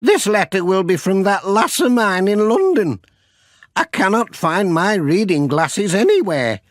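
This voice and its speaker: Male reader doing a high, slow old granny for a storybook, kindly and fussy, dry sound. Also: big pitch swings, no echo. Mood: pleased. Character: elderly country grandmother, kindly and fussy.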